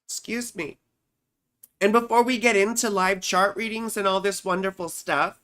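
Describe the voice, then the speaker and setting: A woman talks unhurriedly from her home, drawing out her words in a loose, conversational livestream. She rambles from point to point and keeps checking in with her listeners as she explains. Her voice sits at an ordinary middle pitch. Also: a bit bright. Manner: rambling, chatty, peppers explanations with "you see" and "right". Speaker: astrologer host. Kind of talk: casual livestream talk.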